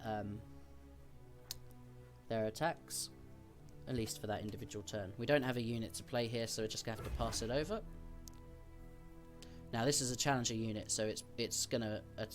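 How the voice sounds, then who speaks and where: A man streaming a card game, explaining each decision as he thinks aloud. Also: mid-range voice. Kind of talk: casual gameplay commentary.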